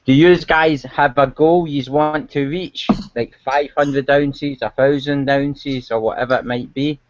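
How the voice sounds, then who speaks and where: A man's voice: mid-range voice, fairly even intonation, a little slow, dry recording. A man asking plain questions in a casual group video call. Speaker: hangout participant. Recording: dry, muffled call audio.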